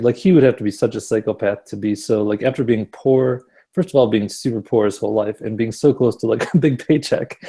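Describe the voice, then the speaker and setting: A man's voice: mid-range voice, dark tone. A man co-hosting a podcast, talking in a laid-back, thoughtful way with fillers and easy laughs. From Wisconsin. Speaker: podcast co-host. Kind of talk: casual chat.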